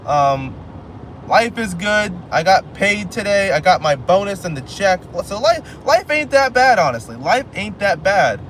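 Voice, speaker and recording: Driving down a highway, a man live streams from his car, rambling casually, poking fun at himself and repeating phrases. His voice sits high and sing-song, a little slow and a bit bright. Faint road and car noise hums in the background.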